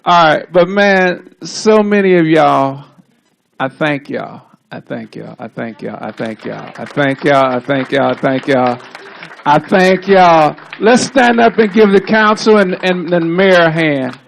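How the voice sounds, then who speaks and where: Easygoing male speaker with a gravelly voice, rambling anecdotes at an outdoor dedication. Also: on the high side, a little slow, a little hiss or hum. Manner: laid-back, drawling storyteller with asides. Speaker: honoree giving a speech. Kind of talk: casual storytelling speech. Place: outdoor street ceremony.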